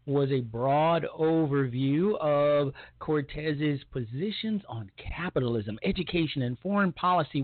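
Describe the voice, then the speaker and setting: A man's voice: fairly high pitch, dry recording. Sarcastic male talk show host, phone-thin. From Puerto Rico. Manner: rambling, sarcastic, many fillers. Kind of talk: opinion talk show monologue. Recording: dry, phone-like sound.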